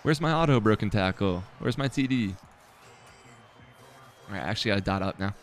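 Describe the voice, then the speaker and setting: This young streamer narrates his football video game play to himself at a normal speed, his fairly low voice animated. He swears casually and is self-deprecating about the mistakes he makes.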